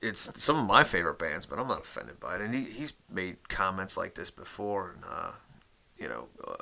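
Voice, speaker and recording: A man's voice: sits low, sing-song, moderate pace, gravelly, pushed and bright. A man hosting his metal music channel in a rambling casual chat, cursing constantly and full of fillers.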